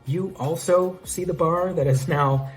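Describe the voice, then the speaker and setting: A man's voice: fairly high pitch, a little slow, soft background music, pitched above the performer's own voice, lightly acted. A man voicing an adult female police agent in a plain, wry way.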